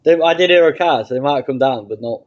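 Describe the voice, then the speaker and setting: A man co-hosts a podcast in a casual chat, mostly giving short replies and swearing now and then. His voice is middle-pitched. The recording is dull and lo-fi, with faint noise behind it. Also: fast.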